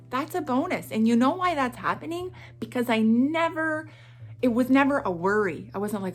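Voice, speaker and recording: A middle-aged woman from Atlantic Canada chatting through a morning vlog in an animated way. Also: fairly high pitch. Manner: animated and chatty, with frequent laughs and self-talk asides. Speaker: vlogger.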